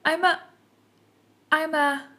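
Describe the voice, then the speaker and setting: Woman doing a little girl, polite, earnest, indignant, higher, unhurried, storybook. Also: lively intonation. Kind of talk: storybook reading.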